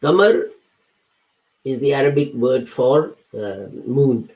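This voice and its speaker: A male religious lecturer with a medium-pitched, darkish voice speaks slowly yet animatedly over a rough recording. He patiently unpacks scripture step by step with everyday examples, occasionally hesitating and correcting himself.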